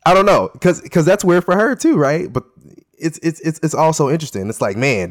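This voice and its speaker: A man's voice: a little high, animated, fairly quick. A man co-hosting a podcast, thinking aloud in a casual, easygoing way and often repeating words. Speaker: podcast co-host. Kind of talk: casual discussion of a TV episode.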